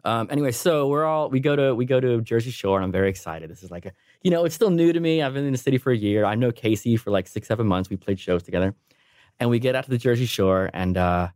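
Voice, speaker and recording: A man in his thirties, a sound engineer guesting on a podcast, telling a funny story in a lively way and laughing often. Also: mid-range voice, quick pace, dry recording, studio quality. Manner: animated, laughing while telling stories. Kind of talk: casual storytelling.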